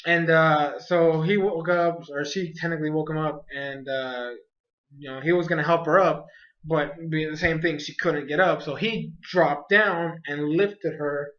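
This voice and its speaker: Excitable high-voiced young man rambling. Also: measured pace, muffled recording. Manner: rambling, excitable, lots of fillers. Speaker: anime reviewer. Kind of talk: casual video review.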